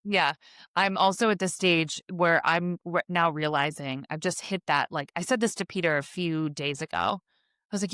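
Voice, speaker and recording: A young woman hosting a podcast in casual chat, a bit out of breath, chatty and animated, laughing often. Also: on the low side, normal speed, clear, resonant tone, no echo. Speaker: podcast host.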